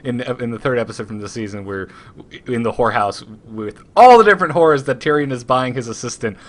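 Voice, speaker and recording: Easygoing male podcast host, mid pitch. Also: slight background noise. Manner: easygoing, chatty, halting restarts. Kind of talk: casual podcast chat.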